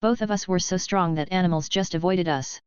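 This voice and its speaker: A woman reads a web novel aloud at an even, steady pace. Her voice is exceptionally smooth and clear, sitting a little low. The recording is dry and slightly dull, with no room sound. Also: brisk, no echo. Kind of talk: audiobook narration of a web novel.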